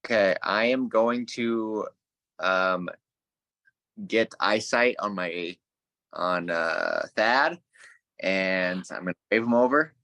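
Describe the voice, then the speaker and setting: A man playing in a tabletop game, talking in an unhurried, hesitant way with fillers. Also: fairly low pitch, pushed and bright, no echo. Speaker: player. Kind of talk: casual tabletop play.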